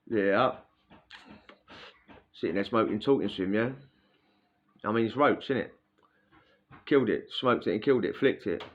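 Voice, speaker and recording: This is an ex-prisoner spinning a casual yarn, peppered with slang and repeated "yeah?" prompts to the listener. He has a fairly low voice, captured in dull-sounding audio.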